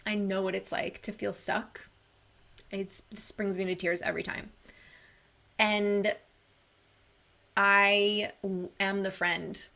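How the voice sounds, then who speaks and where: A woman's voice: medium pitch, little pitch movement, takes it slowly, creaky, pauses often, bright, forceful tone. A woman wellness coach giving an online workshop in an earnest, personal storytelling manner.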